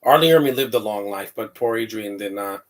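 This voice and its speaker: A man giving a casual live commentary over a comedy film, rambling through asides, laughing often and reacting loudly to what is on screen. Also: fairly quick. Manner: reacts loudly to the film, quoting lines in a high voice.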